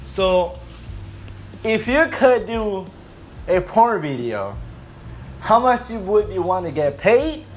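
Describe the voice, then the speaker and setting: A man's voice: high-pitched, big pitch swings, slow, long pauses, soft background music. A young man hosting crude casual chat, laughing often and rambling, losing his train of thought. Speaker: host. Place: home room.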